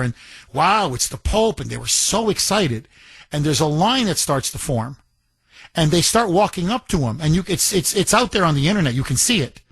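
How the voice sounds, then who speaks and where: Male radio host, emphatic and indignant, husky tone, fairly high pitch, dry booth. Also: fairly bright tone, dry recording. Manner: emphatic, indignant, many restarts. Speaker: radio talk show host. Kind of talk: talk radio monologue.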